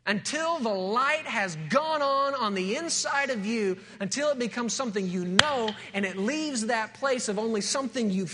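High-voiced preacher in a big echoey hall. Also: male voice, pushed and bright. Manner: storytelling, builds to emphatic rising delivery. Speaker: pastor. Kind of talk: preaching a sermon.

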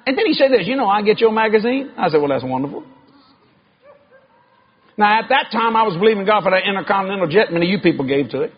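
A middle-aged man preaching a sermon in an animated storytelling way, shouting and laughing as he goes. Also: high voice, rapid-fire, few pauses. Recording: dull lo-fi recording.

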